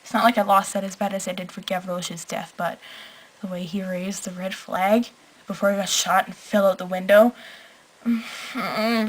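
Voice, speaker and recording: Young woman, late-night vlog rant, slightly high voice, effusive, rambling, emotional. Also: fairly bright tone, poor audio. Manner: gushing, emotional, rambling with many "like"s. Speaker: vlogger. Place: at home at night. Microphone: camera.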